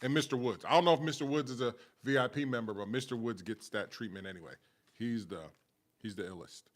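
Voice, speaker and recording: A man's voice: medium pitch, fast talker. A man, casually co-hosting a business livestream, playful and talking straight to viewers. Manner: playful, talks to viewers directly.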